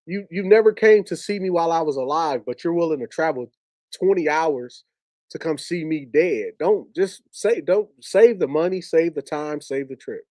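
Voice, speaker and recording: A man's voice: fairly high pitch, normal speed, a little mellow, no room sound. A man sharing a heartfelt personal story with an audience, emotional and repetitive, often restarting his sentences. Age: adult with a wife and two young kids.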